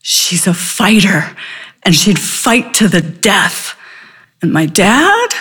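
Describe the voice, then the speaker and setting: A woman telling a personal story live, animated, with dramatic pacing and vivid pauses. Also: mid-range voice, breathy edge.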